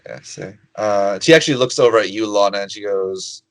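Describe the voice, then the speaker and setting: A man narrating a tabletop game as its dungeon master, in a loose, filler-heavy way. His voice is fairly low. The recording is dry and close. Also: fairly quick, few pauses, dry recording, low-quality recording.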